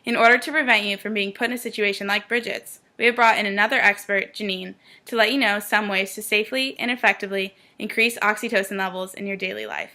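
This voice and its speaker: A young woman acting as a news anchor, reading a script in a crisp, formal way. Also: mid-range voice, steady tone, fast talker, hardly any pauses, bright, forceful tone.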